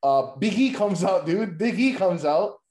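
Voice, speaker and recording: Guy rambling thru wrestling ideas, lots of like and uh, swears a bunch, kinda high voice, echoey room. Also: expressive, unhurried, darkish tone. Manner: rambling, heavy "like" fillers, swears freely. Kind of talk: casual chat pitching wrestling storylines. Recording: roomy echo.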